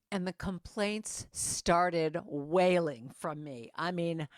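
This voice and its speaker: A woman giving a lively storytelling message at a church service, acting out the voices of people in her story. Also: on the low side, takes it slowly, no echo, studio quality. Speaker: guest musician and speaker. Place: church sanctuary.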